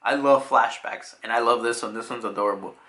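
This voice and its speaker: A man's voice: mid-range voice, fairly quick. A man casually retelling a manga chapter as a reviewer, acting out the scenes as he goes. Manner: animated retelling that acts out scenes. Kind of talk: casual chat.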